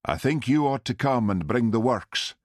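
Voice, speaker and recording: A man's voice: mid-range voice, animated, moderate pace, no echo, clean studio sound, voice pushed up, natural voice. A man voicing a weary but firm village policeman in an audiobook.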